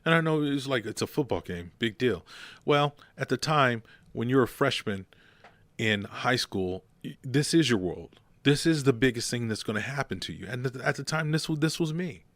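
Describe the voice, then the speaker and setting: A man's voice: medium pitch, expressive, moderate pace, a bit bright, dry recording. A man hosting a motivational podcast, talking bluntly and telling stories with emphasis. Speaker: podcast host.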